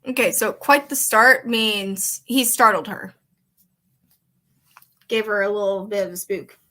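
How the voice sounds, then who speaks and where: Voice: mid-range voice, a little slow, sharp tone. A playful reader and voice impressionist who reads a story aloud, breaks off to chat, and giggles often. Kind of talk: casual read-aloud with chatter.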